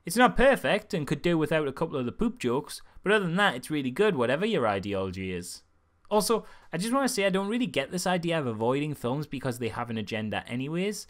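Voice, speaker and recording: A young man reviewing a film in a casual, comic way, with sarcastic, animated asides. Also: fairly high pitch, fast.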